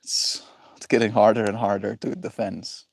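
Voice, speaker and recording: A man's voice: on the low side, little pitch movement, normal speed, creaky, a little mellow, no echo. A man hosting a livestream who chats casually with viewers, rambling and reflective and laughing often. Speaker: livestream host.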